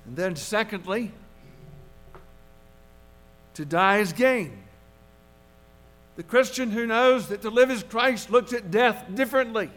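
A male pastor preaching a sermon in an earnest, measured way, driving points home with repetition. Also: sits high, expressive, a bit bright.

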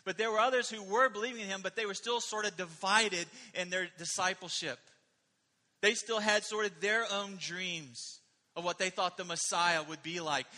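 Bright, forceful preacher in a reverberant hall. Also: male voice, sits high. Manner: animated, emphatic preaching with rhetorical questions. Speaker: pastor. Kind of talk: sermon.

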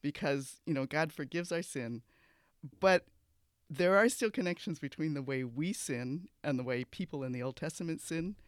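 A man's voice: on the high side, normal speed, smooth, dry recording, studio quality. Man earnestly discussing a sermon. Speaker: church podcast panelist.

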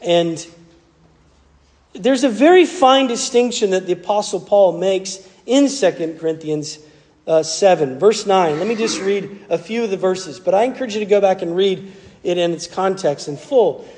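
A Southern American pastor delivers an earnest, conversational sermon. His voice sits notably high for a man. It rings out with the long reverb of a large church sanctuary. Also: moderate pace, darkish tone.

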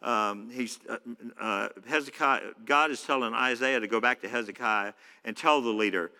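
A man's voice: medium pitch, moderate pace, bright, forceful tone, clear, resonant tone. A man preaching a sermon in a church, conversational, with many fillers. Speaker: pastor. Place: church hall. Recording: echoey church hall.

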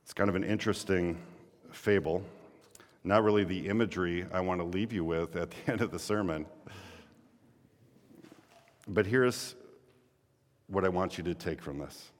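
A man's voice: low voice, normal speed, long pauses, in a large hall. A male pastor preaching a sermon earnestly, building to emphatic exhortations.

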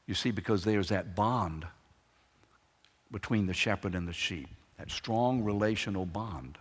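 A man preaches a sermon, pressing his points with emphatic repetition and rhetorical questions. His voice is low and husky, and his delivery is slow and deliberate. The sound carries a long hall reverb.

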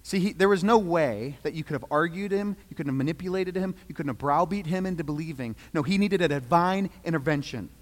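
A man preaching a sermon, dramatic, swinging from loud pleading to hushed quiet. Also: on the high side, a little fast, few pauses. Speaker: pastor. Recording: long reverb of a large hall.

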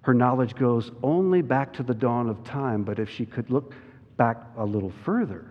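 A man voicing a great majestic lion in a storybook reading, slow and grave. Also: medium pitch, close to an everyday voice. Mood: solemn. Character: great lion Aslan, deep, calm and majestic. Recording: dull sound in a large reverberant hall.

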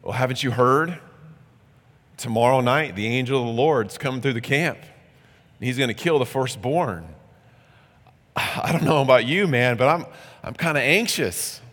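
A man's voice: mid-range voice, lively intonation, normal speed, pauses often, a bit bright. A man voicing an anxious Israelite father who talks hesitantly and stammers, heard with long hall reverb.

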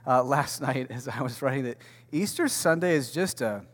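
Animated pastor with a ringing hall echo. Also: male voice, mid-range voice, normal speed. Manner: animated, swings from loud to hushed, repeats words. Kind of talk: conversational sermon. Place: warehouse church hall. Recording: long reverb of a large hall.

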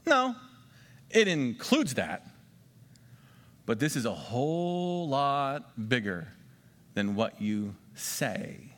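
A man preaching a sermon as pastor, emphatic and repeating key phrases slowly for the congregation. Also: mid-range voice, very animated, a bit bright. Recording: long hall reverb.

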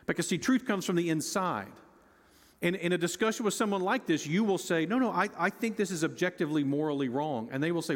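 Man, pastor, sermon, high voice, sarcastic, long reverb of a large hall. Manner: animated, sarcastic, acts out quoted voices.

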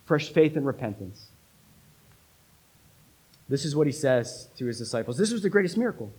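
A male pastor preaching a sermon with emphasis, repeating key phrases and swinging between loud and hushed delivery. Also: mid-range voice, sing-song, moderate pace, husky, low-quality recording.

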